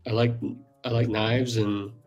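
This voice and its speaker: A man's voice: lowish voice, flat delivery, a little slow, darkish tone, muffled recording, faint music behind. A man hosting a knife channel's livestream, talking candidly and swearing. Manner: teasing, candid, swears freely. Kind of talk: casual livestream chat.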